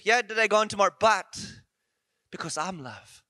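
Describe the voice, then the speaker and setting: A man preaching a conference sermon in a church, animated and playful, full of rhetorical questions and asides. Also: sits high, moderate pace, no room sound.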